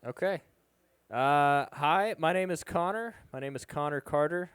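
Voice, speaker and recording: A young man doing stand-up at an open mic in a bar, with a smooth, clear voice. He talks in a casual, halting way, full of little ums. The sound is dry and close on a handheld mic. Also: fairly high pitch, a bit bright, dry recording. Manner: casual, hesitant delivery with many ums. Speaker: stand-up comedian. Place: live music bar stage.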